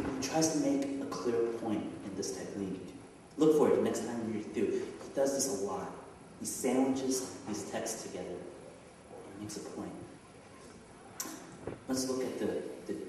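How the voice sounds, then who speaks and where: A man's voice: medium pitch, darkish tone, slight background noise. A man pastor preaching a sermon in a church sanctuary, asking rhetorical questions with conversational asides, heard from far off. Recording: echoey church hall from far off.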